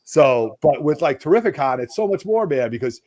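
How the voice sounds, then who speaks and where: A man with an East Coast American accent, hosting a casual chat and telling stories in a rambling, animated way full of fillers. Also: fairly high pitch, brisk, no room sound, clean studio sound. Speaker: host. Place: home studio basement.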